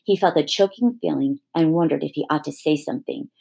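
A woman reading a children's novel aloud in a steady, expressive storytelling manner. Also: low voice, a little fast, creaky, slightly rough. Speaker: reader.

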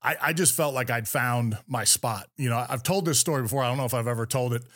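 A middle-aged man from California tells long stories at a fast clip, his voice sitting at a middle pitch. He talks with energy and often restarts or repeats words as he goes. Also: fairly bright tone. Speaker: podcast guest, former Navy SEAL commander. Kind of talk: storytelling interview talk.

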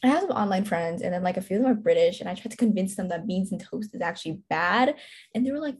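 A woman's voice: mid-range voice, animated, a little fast, darkish tone. A teenage girl in casual chat, giggly and talkative, full of filler words. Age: teens. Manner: giggly, chatty, many "like" fillers. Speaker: teen panelist.

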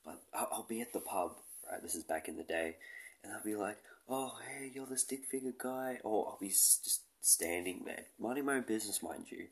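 A man's voice: deep voice, fairly quick. A man in his late twenties hosting a podcast, rambling casually in a self-deprecating way and swearing often. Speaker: podcast host.

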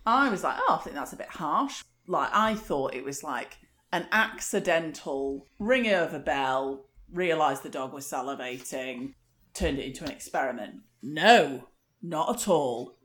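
A woman's voice: sits low, animated, unhurried, fairly bright tone. Brief: woman, wry, chatty storyteller who laughs easily. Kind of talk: casual chat.

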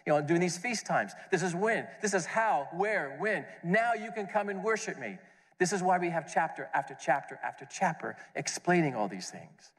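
A man preaching a conference sermon, animated, acting out questions and answers and repeating words as he goes. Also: high-pitched, moderate pace. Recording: long hall reverb.

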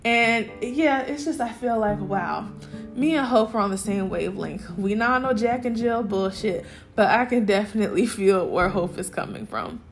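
A young adult woman hosting a podcast, recapping a TV episode in a casual, animated way, swearing freely and laughing as she talks. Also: medium pitch, normal speed, soft background music. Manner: animated, profane, laughing storyteller. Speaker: podcast host.

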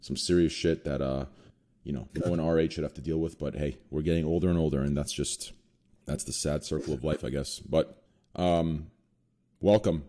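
A young man hosting a group podcast, joking crudely and dropping to a quiet murmur when he introduces guests. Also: rumbling low, steady tone, normal speed. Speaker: podcast host. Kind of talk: casual group podcast chat.

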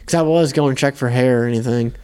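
A young man co-hosting a podcast tells a hunting story in a loose, easygoing way, swearing often. His voice is smooth and clear, in a middle pitch. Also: fast. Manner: relaxed, profane storytelling. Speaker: podcast co-host. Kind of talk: casual hunting story chat.

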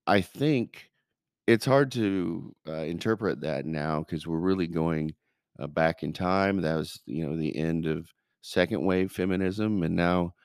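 Man co-host, very low smooth voice, measured and hesitant delivery. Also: no echo, studio quality. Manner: measured, hesitant, many fillers. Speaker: podcast co-host. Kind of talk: casual discussion.

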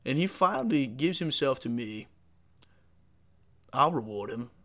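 A man's voice: medium pitch, animated, measured pace, fairly bright tone, voice pushed down. A man voicing a smug, laid-back male God figure who talks casually and crudely. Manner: casual, crude, self-satisfied.

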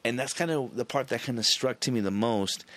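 A man's voice: medium pitch, fairly quick, a bit bright. A man co-hosting a podcast in casual chat, rambling and swearing freely, often breaking into laughs. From Arizona. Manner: profane, rambling, loose and laughing. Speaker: podcast co-host.

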